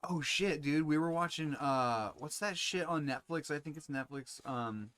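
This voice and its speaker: A man's voice: fairly high pitch, moderate pace, a bit bright, smooth, no room sound. A man chatting casually on a podcast, rambling loosely and swearing freely. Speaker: podcast co-host. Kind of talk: casual chat.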